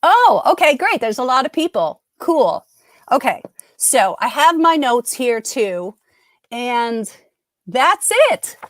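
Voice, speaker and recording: High-pitched and very animated yet slow, a middle-aged woman runs a live trivia game in a dry, clean studio recording. Her stream chat is casual and cheerful, and she keeps interrupting her own sentences.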